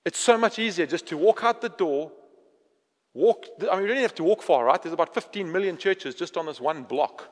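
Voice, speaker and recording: A male pastor preaching a sermon in an animated way, acting out prayers and then dropping to a quiet, intense tone. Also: high voice, fairly quick, in a large hall.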